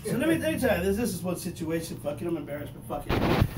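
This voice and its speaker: Profane stand-up guy in his fifties, high voice, echoey far-off mic, noisy room. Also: fast talker. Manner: profane, loud, animated storytelling. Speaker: stand-up comedian. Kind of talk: stand-up comedy set.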